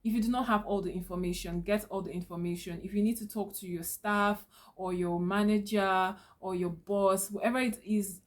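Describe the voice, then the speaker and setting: A woman of middle pitch speaks straight to the viewer in a calm, instructive tone. She hosts her own advice channel and checks in often with a rhetorical "okay?". Her delivery stays even and reassuring. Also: normal speed. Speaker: channel host giving business tips. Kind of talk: direct-to-camera advice talk.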